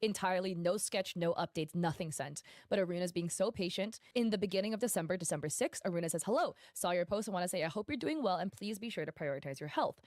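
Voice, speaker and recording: Fast-talking woman streamer, dry close mic. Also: fairly low pitch, expressive, a little mellow, dry recording. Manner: indignant, emphatic asides between quoted messages. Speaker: streamer reading drama posts. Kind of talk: livestream commentary reading posts aloud.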